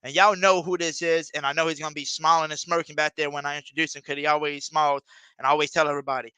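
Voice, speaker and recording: Man, host of a live podcast, joking and loose, crisp voice, high-ish pitch. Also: little pitch movement, fast, pushed and bright, no echo.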